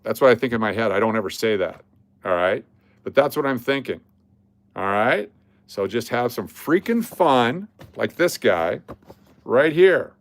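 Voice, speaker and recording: A man's voice: medium pitch, expressive, unhurried, no echo. A man hosting a casual livestream, talking to his chat in a blunt, joking, rambling way. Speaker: livestream host.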